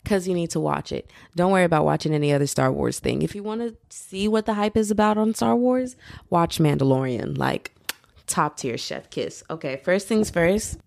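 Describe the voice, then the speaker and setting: Chatty young woman with a gravelly low voice. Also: moderate pace, dry recording. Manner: animated, chatty, rambling with fillers. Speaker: podcast host. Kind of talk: casual solo podcast chat.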